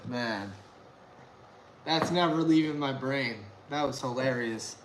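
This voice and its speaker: A man chatting casually on a live stream at home, excitable and rambling, laughing often. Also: mid-range voice, slow pace, slight background noise. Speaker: beer review vlogger.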